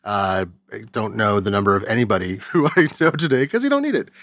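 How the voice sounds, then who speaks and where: A man's voice: lowish voice, huge pitch swings, quick pace, a bit bright, dry recording. A man in his forties hosting a podcast, talking conversationally with frequent "uh" and "um". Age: 40s. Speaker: podcast host. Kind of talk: casual chat.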